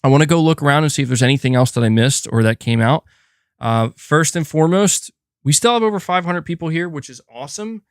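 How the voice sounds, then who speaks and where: A man's voice: a little high, fast, clear, resonant tone, no room sound. A man hosting a casual gaming livestream, talking close to a desk mic and chatting loosely, often breaking off to coax his cat. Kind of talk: casual live-stream chat.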